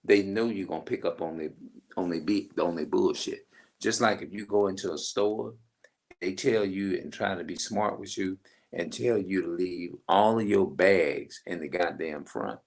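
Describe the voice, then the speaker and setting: A man's voice: low voice, moderate pace, creaky. A middle-aged man in a rambling, emphatic casual monologue, swearing freely as he vents. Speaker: vlogger.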